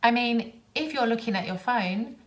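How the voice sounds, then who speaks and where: A young woman with a London accent ranting sarcastically in a casual vlog, exasperated and animated as she lists her gripes. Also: a little high, moderate pace. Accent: London English. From London, England. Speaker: vlogger.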